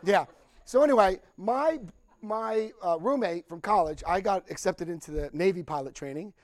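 An older man telling a story at a recovery meeting, animated and acting out the dialogue, laughing as he goes. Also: high voice, normal speed. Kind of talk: storytelling talk.

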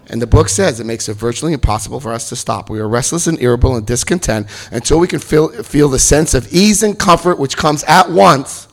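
A man in his fifties with a creaky voice gives personal testimony at a recovery meeting. He's an animated storyteller who jokes and jumps into high voices when quoting people.

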